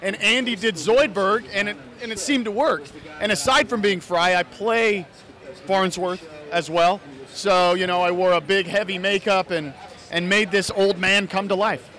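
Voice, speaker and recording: A man's voice: high voice, fairly even intonation, normal speed, sharp tone. An American man, an actor and fan filmmaker, talking earnestly and at length in a casual interview, often restarting his phrases. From United States (Idaho).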